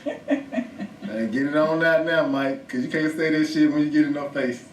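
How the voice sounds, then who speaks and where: A man's voice: fairly high pitch, normal speed, reverberant, recorded from a distance, a little hiss or hum. A man co-hosting a podcast, speaking in casual, emphatic and profane banter. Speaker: podcast co-host. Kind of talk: casual chat.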